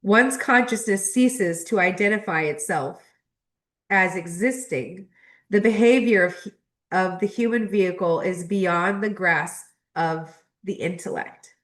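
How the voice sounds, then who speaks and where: Her voice is fairly low, a bit bright, and a little slow. This young adult woman hosts a spiritual astrology channel, and she reads and reflects on a spiritual text, emotional and choked up, laughing between passages.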